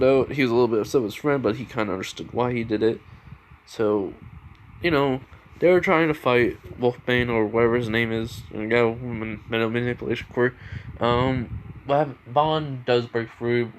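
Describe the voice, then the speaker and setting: A man's voice: medium pitch, a little hiss or hum, low-quality recording. A man casually retelling his fan story at home, rambling with many restarts. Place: home room with a fan running.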